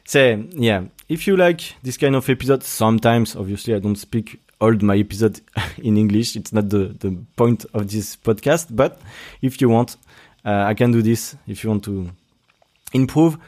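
Hesitant French-accented man, dark voice. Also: lowish voice, normal speed. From Brittany, France. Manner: hesitant, many restarts and fillers. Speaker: podcast host. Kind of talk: casual solo podcast monologue.

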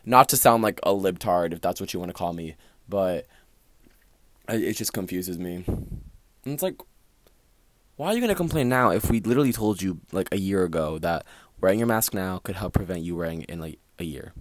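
A man's voice: low voice, a little fast, dry recording. A teenage boy hosting his own podcast from a small closet, rambling casually with lots of fillers. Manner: rambling, filler-heavy, animated. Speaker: podcast host. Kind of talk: casual solo podcast chat.

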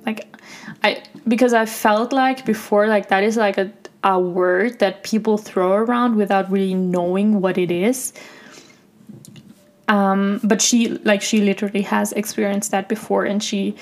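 A young woman hosting her own podcast, talking reflectively and softly in a personal monologue, with many fillers like "like". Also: medium pitch, steady tone, measured pace. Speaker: podcast host.

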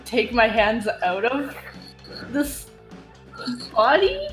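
A woman's voice: on the high side, wildly swooping pitch, soft background music. Giggly young woman playing a tabletop game. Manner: playful, giggly, quick reactions. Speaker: player. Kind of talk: casual tabletop game play.

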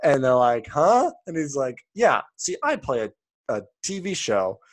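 A man's voice: medium pitch, very animated, normal speed. A man co-hosting a casual podcast chat, who laughs often and acts out the lines he retells in goofy voices. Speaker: podcast co-host. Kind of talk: casual chat reviewing old TV ads.

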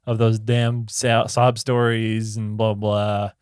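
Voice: medium pitch, little pitch movement, slow, darkish tone, clean tone, no room sound. Wry podcast host with a dry sound. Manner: wry, dry humor, laughs often. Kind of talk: casual chat, hosting a debate show.

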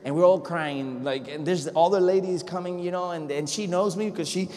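A man's voice: high voice, a little fast. Male preacher in a reverberant hall. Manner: conversational, dramatic swings between loud and hushed. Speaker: pastor. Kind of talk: sermon storytelling. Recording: long echo of a large hall.

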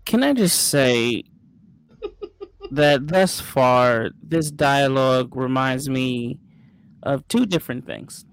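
A man chats casually as a player in a role-play game, drawing out his thoughts. He speaks slowly and evenly, with faint noise in the background. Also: mid-range voice, low-quality recording. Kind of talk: casual chat.

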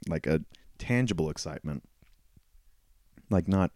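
A young man in his twenties rambles through a casual solo podcast with a very low, mellow voice. He mocks himself and swears freely, and a cough keeps cracking his voice. The sound is dry and close. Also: normal speed, dry recording. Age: 20s. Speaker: podcast host.

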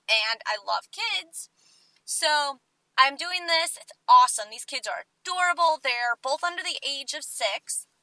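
A woman in her twenties telling a story on her vlog, chatty and animated, acting out what people said. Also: high-pitched, no echo, rough recording. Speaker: vlogger.

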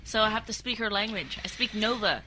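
A woman in her thirties chatting casually as a podcast host, animated and swearing freely as she acts out quotes. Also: mid-range voice, a little fast, over a noisy crowd. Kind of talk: casual storytelling chat.

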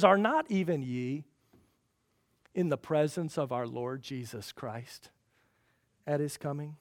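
A man preaching a sermon in a fairly high voice, recorded dry and close with little room sound. He swings from loud, emphatic peaks down to quiet, low passages, firing rhetorical questions at the congregation. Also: slow pace, long pauses, no echo. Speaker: pastor.

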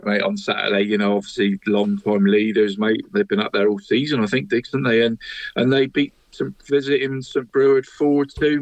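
A man's voice: mid-range voice, dry recording, muffled recording. Jovial man, mate every line. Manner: jovial, says "mate" in nearly every sentence. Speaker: co-host of a local football show. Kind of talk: casual sports chat.

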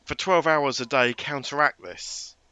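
A man co-hosting a podcast, chatting wryly about a film in a halting way. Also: a little high, pushed and bright, clean tone, dry recording. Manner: wry, halting, with many restarts. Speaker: podcast co-host. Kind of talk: casual film discussion.

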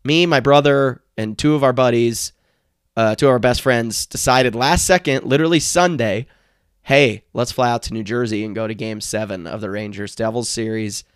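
Hoarse, excited male podcast host. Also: medium pitch, normal speed, no room sound, clean studio sound. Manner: excited, energetic delivery. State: hoarse, strained voice. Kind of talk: casual sports podcast chat.

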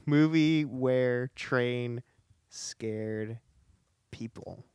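A man's voice: mid-range voice, extremely slow, a little mellow, clear, resonant tone, no echo, lo-fi sound. A man co-hosting a podcast, teasing his partner in casual banter. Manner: teasing, playful. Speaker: podcast co-host.

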